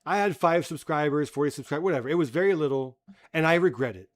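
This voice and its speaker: A man's voice: a little high, fast. A man ranting bluntly and profanely in casual livestream commentary. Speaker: streamer.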